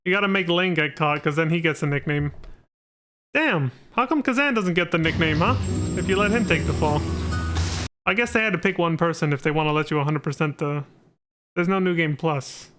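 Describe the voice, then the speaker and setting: A man's voice: on the high side, a little fast, a bit bright, soft background music. A man giving casual, profane let's-play commentary with laughing asides. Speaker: streamer.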